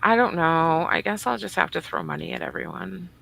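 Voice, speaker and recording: A woman's voice: on the low side, fairly quick, vocal fry, a bit bright. A woman co-hosting a casual livestream, bubbly and teasing as she greets viewers. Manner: bubbly, teasing, swings between squeals and mutters. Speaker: livestream co-host.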